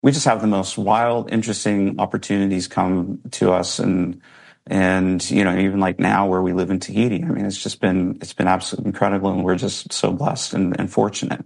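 A man's voice: sits low, flat delivery, brisk, creaky, darkish tone. A man, a guest in an interview, telling a personal story earnestly and reflectively, with some emotion.

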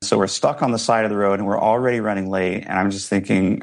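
A man's voice: on the low side, steady tone, fast talker, few pauses. A man, a guest in an interview, telling a personal story earnestly and reflectively, with some emotion.

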